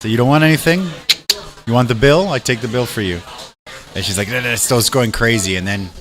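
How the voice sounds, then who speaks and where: A man hosting a casual chat, telling an animated story and acting out what people said. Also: mid-range voice, fairly quick. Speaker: host.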